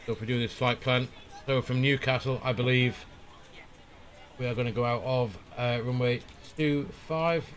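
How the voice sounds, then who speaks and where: A man streaming a flight simulator, casually talking through his preflight setup and often pausing with "uh" as he thinks aloud. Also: mid-range voice. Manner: relaxed, thinking aloud with frequent "uh" pauses. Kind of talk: casual live-stream commentary.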